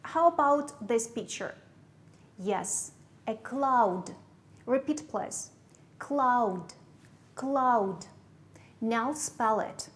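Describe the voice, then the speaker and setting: Slow, clear-spoken woman English teacher. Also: fairly high pitch, animated. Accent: Kyrgyz. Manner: slow, clearly spelled-out teaching with repeated words. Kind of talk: classroom English lesson for young pupils.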